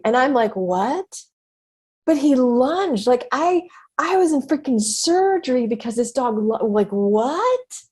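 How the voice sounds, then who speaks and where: A middle-aged woman hosting her own podcast, telling a story in a lively, conversational way with frequent exclamations and laughter. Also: on the high side, breathy edge. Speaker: podcast host and business mentor. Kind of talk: casual solo podcast monologue.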